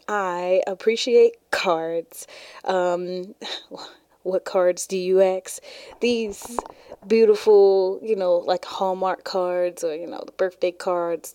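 A woman's voice: fairly low pitch, dark tone, no room sound, clean studio sound. A woman hosting her own podcast, talking casually and laughing often as she shares stories. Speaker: podcast host. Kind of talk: casual solo podcast chat.

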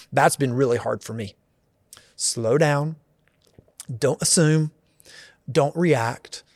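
A man's voice: mid-range voice, no room sound. A man in his forties, a pastor, answering interview questions in a reflective, earnest way, thinking aloud.

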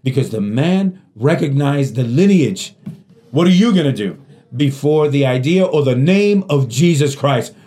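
A male pastor delivers a sermon, steady and mid-pitched. He keeps asking the congregation rhetorical questions and lets his voice rise on the key points. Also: measured pace. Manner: preaching with rhetorical questions and rising emphasis.

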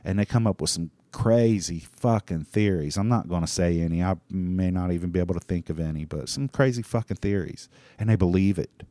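A man's voice: deep voice, a little fast, few pauses, warm tone, dry recording. A man hosting a solo talk show, rambling in a loose, profane monologue full of restarts and fillers. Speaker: podcast host.

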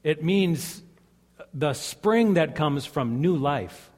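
A man's voice: fairly high pitch, animated, slow, darkish tone. A man preaching a sermon as a pastor, earnest and conversational, telling stories to his congregation. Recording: long hall reverb.

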